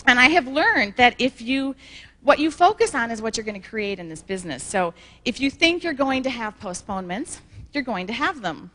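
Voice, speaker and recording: A woman giving a motivational talk at a sales conference, telling folksy stories and clearing her throat often. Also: a little high, sing-song, moderate pace, pushed and bright. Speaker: sales manager presenting at a conference. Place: conference hall.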